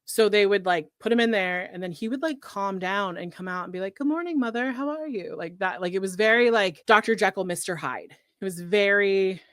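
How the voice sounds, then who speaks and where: A woman co-hosting a podcast, recapping a show in casual chat, full of "like" and quick laughs. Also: mid-range voice, a bit bright, smooth, no echo, studio quality. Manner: chatty, heavy use of "like", laughs often.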